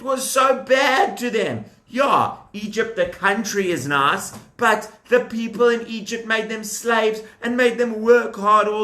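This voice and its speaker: A man, a father, telling a Bible story to his young child, expressive and exclaiming, often asking questions. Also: sits high, unhurried, few pauses. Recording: echoey room.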